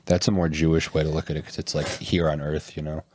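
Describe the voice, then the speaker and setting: A man in casual comedic podcast chat, lively, quick to laugh, swears freely. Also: extremely low pitch, a little hiss or hum.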